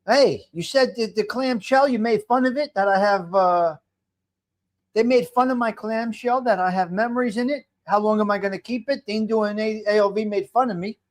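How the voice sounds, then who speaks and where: Speaking at a moderate pace in a high-pitched voice, this fifty-something man runs a casual live stream from his home. He greets his viewers by name and wanders off track, often starting his sentences over.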